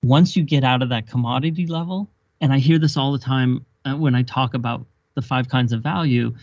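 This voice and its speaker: A male podcast guest at a middling pitch who argues by stacking up rhetorical questions, emphatic and explanatory. The recording is dry and close, with a dull, lo-fi tone. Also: brisk, darkish tone, no echo. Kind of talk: explanatory conversation.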